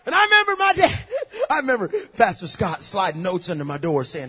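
A man preaching a sermon, telling stories and building to emphatic shouts. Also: sits high, huge pitch swings, fairly quick, breathy edge, lo-fi sound.

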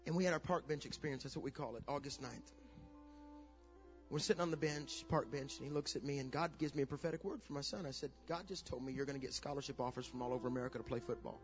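A middle-aged man pastor preaching a sermon, telling a story that builds to shouted preaching. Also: mid-range voice, quick pace, soft background music. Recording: dull lo-fi sound.

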